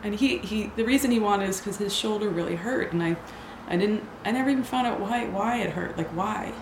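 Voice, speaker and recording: A woman telling a personal story in a hesitant, halting way, often restarting her sentences. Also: mid-range voice, vocal fry. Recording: echoey room with noise.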